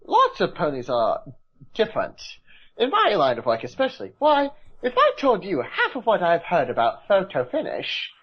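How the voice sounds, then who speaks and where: A woman's voice: on the low side, huge pitch swings, moderate pace, a little hiss or hum. A woman doing a prim, genteel fashion mare. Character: refined fashionable mare pony, gossipy. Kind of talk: amateur reading of fan fiction. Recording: muffled lo-fi audio.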